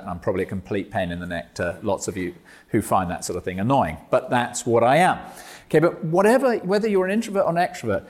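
A man giving a jokey, animated talk on evangelism to a meeting. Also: a little high. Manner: jokey, animated, self-mocking asides. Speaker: preacher.

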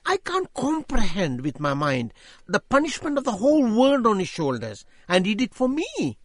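An older man giving an emphatic sermon-style testimony, repeating key phrases, his voice rising as he gets excited. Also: high voice, moderate pace, no room sound, studio quality. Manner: voice rises when speaking with excitement. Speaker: Christian speaker giving testimony.

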